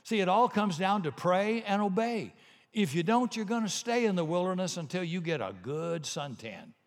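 A man's voice: high-pitched, normal speed. A man preaching a sermon in a folksy, punchy way, telling jokes and little stories. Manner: folksy, punchy, animated storytelling. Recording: long hall reverb.

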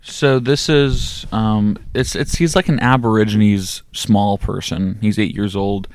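Low-voiced man on a crude podcast. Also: steady tone. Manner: profane, rambling, quick bursts. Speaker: podcast host. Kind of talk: crude comedic podcast chat.

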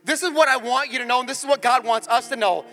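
A man preaching a sermon, going from hushed and intimate to loud and impassioned, with faint music behind. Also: very high-pitched, fast talker. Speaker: pastor. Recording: large hall with long reverb, faint music behind.

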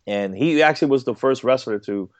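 A man talking as a podcast guest in a casual interview, halting and full of fillers and repeated words. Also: medium pitch, no room sound. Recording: dull dry podcast audio.

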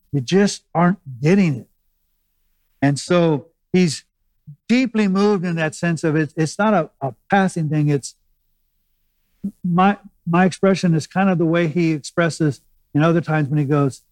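A man's voice: on the high side, a little mellow, no echo, poor audio. A man preaching a sermon as pastor, explaining scripture in a conversational teaching manner with asides and restarts.

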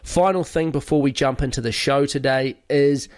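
A man's voice: mid-range voice, moderate pace, no echo, clean studio sound. A man hosting a podcast, explaining training topics in a conversational monologue with occasional fillers. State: recovering from a cold. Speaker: podcast host.

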